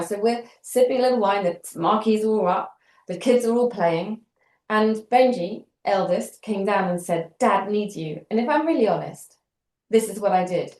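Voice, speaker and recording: British woman in her middle years telling a story, animated and wry, mid pitched, echoey room. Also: normal speed. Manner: animated, acts out quoted dialogue with wry humour. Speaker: interview guest. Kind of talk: conversational storytelling. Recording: roomy echo.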